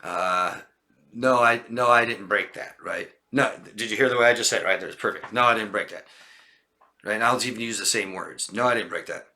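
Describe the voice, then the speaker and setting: A man's voice: on the low side, brisk, sharp tone. A man coaching on body language in a casual talk to camera, acting out short lines from liars to show them. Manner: demonstrative, acts out liars' lines in a raised voice.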